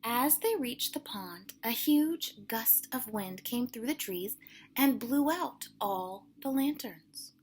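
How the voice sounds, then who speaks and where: A woman teacher reads a picture book aloud at an unhurried pace. Her slightly high voice swings widely up and down as she voices the sound effects. She tells the story expressively for young listeners. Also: lively intonation, husky. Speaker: elementary school teacher.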